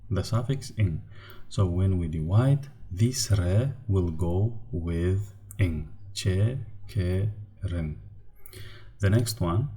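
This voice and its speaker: A man with a Turkmen accent, a native Turkmen speaker teaching a grammar lesson in English, explaining slowly and carefully with frequent hesitations. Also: low-pitched, mellow. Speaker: language teacher.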